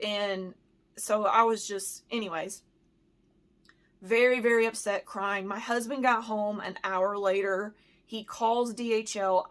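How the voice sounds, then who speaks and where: Brief: American woman vlogger, casual storytime, worked up, filler-heavy, mid-pitched. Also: a bit bright. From United States. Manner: heated and emotional, with many "like" and "you know" fillers. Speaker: handbag vlogger.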